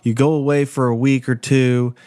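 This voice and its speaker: A podcast host delivers a casual storytelling monologue in a mid-range, darkish male voice, flat in delivery and at normal speed. The recording is dry and studio-clean, and his personal story comes across candid, conversational, and self-deprecating.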